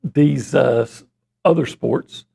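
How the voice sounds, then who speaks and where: A man co-hosting a sports talk show, rambling and halting as he makes his points. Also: medium pitch, vocal fry, mellow, breathy edge. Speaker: sports radio co-host. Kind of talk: casual radio sports chat.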